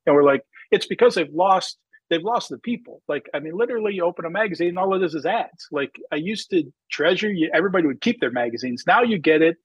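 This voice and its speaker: A man's voice: high-pitched, fast, breathy edge, dry recording, low-quality recording. A man, a drag racer who started a magazine, telling his story in a rambling, casual interview chat full of fillers. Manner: rambling, filler-heavy, animated when quoting himself.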